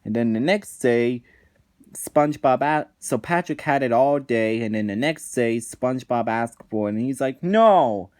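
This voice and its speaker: A man's voice: mid-range voice, normal speed, darkish tone. A man reviewing cartoon episodes in a ranting commentary, indignant and exasperated, often restarting his sentences.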